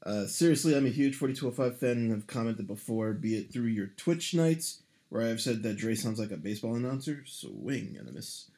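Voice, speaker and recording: Guy on a podcast reading out a fan email, dry jokey delivery, medium pitch. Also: a little fast, dark tone. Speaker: podcast co-host. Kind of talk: casual chat, reading a fan email aloud.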